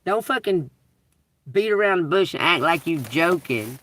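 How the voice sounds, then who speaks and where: A woman's voice: fairly low pitch, animated, normal speed, a bit bright, recorded from a distance. A woman tarot reader talking on a livestream, blunt and profane, who laughs often and preaches to her viewers. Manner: preachy, addresses the collective. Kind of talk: casual livestream talk.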